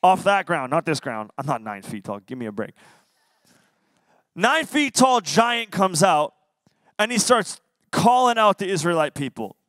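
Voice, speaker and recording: A young man, a youth pastor, giving a lively sermon to teens and playfully acting out quotes. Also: high-pitched, unhurried, dry recording. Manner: playful, acts out voices and quotes. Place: church youth service.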